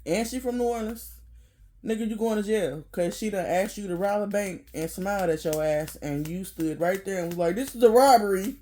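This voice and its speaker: Vlogger going off on a rant, cussing, cracking up, goes quiet then loud. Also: normal speed, slight background noise. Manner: profane, blunt and joking, often laughing; loudness swings from low mutters to loud bursts. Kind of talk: casual rant to camera.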